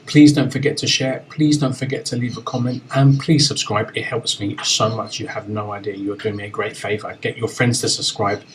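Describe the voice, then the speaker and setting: Male host, playful and quick, mid pitch, faint background noise. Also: steady tone, rough recording. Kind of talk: casual chat.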